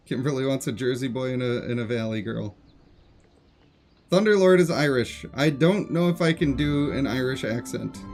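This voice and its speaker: A man's voice: medium pitch, animated, moderate pace, darkish tone, faint music behind. A man streaming a game live, chatting casually and joking with his viewers. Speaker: gaming streamer.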